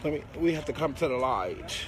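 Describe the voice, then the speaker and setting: A man hosts a casual live stream on a city street, filmed on a handheld phone amid busy crowd noise. His fairly high voice is brisk and lively, and he talks sassily and dramatically, heaping on endearments and swearing.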